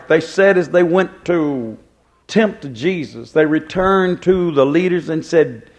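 A man preaching a sermon as a pastor. His voice sits a touch higher than most men's. He challenges listeners with rhetorical questions and reads scripture in old-fashioned phrasing, stretching out key words. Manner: King James scripture reading, drawn-out emphasis.

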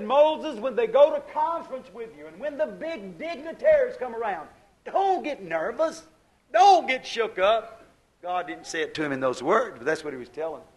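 A man preaching a sermon, rising to loud bursts and dropping to a hush. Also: high voice, expressive, moderate pace. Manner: preaching with sudden loud bursts and hushed drops.

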